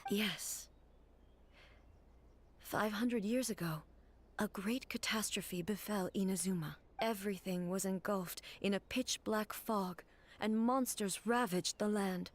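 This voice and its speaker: An actress voicing a composed, ageless female fox-spirit priestess in game dialogue, speaking in a measured, formal, aloof way. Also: mid-range voice.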